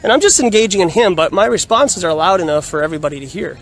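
A man casually telling a story in a vlog, animated and laughing often, recorded outdoors on a phone. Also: high voice, fast. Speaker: vlogger. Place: outdoors in a busy urban area. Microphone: phone on a selfie stick. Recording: outdoor street noise.

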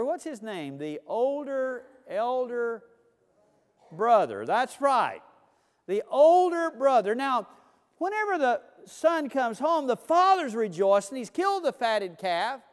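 A man's voice: very high voice, smooth, in a large hall. A man preaching a sermon as pastor in a church sanctuary, building emphasis through repeated phrases.

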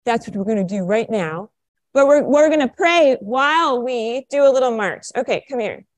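Lady pastor w a high voice talking to kids in church, dry close sound, easy and coaxing. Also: lively intonation, moderate pace, dry recording. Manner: bright, coaxing, speaks simply to children. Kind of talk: children's sermon, then sermon. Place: church sanctuary.

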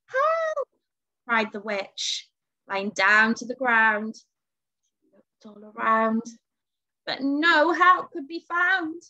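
Very slow, expressive woman reading a storybook. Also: medium pitch, highs cut off. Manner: expressive, dramatic reading with whispers and gasps. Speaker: school storyteller. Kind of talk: children's storybook read-aloud.

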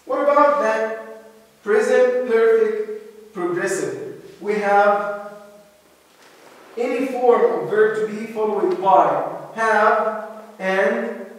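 Slow, high-voiced male teacher in an echoey room. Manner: slow, deliberate explaining with repetition. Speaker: English teacher. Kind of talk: recorded grammar lesson. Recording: echoey room, far from the mic.

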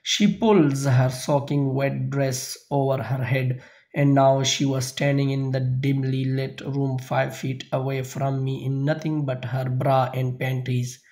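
A man narrating a novel in the first person as an audiobook reader, halting at times with small slips and restarts. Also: mid-range voice, flat delivery, a little mellow.

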